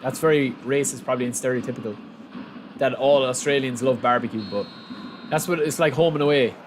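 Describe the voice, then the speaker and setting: A young man casually commentating his own football game on a live stream, chatting with viewers and bursting into shouts at big moments. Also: medium pitch, fairly quick, background noise.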